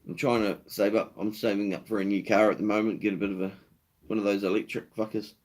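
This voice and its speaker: A man's voice: lowish voice, little pitch movement, fast. A man with a New Zealand accent hosting a casual live stream, laid-back, swearing freely and answering viewer comments.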